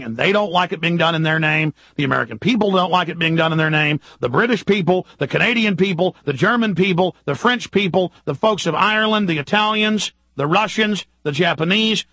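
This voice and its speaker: A man hosting a radio talk show, delivering an urgent, ranting political monologue full of rapid-fire rhetorical questions. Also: fairly high pitch, bright, forceful tone, dry recording, dull audio. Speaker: radio host.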